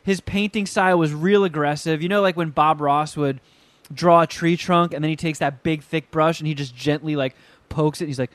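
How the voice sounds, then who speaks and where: Casual podcast co-host, male, fairly high voice, swears freely, acts out the people he quotes. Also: moderate pace, no echo. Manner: profane, animated storytelling with acted quotes. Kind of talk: casual chat.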